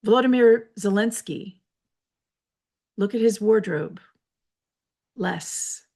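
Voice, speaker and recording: Gravelly-voiced woman hosting a reflective talk. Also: mid-range voice. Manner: measured, lecturing, personal asides. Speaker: host. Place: her office.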